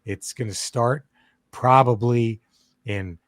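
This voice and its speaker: A man co-hosting a podcast, telling a story in a casual, profane, animated way. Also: medium pitch, slow, dry recording, studio quality. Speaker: podcast co-host. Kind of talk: casual chat.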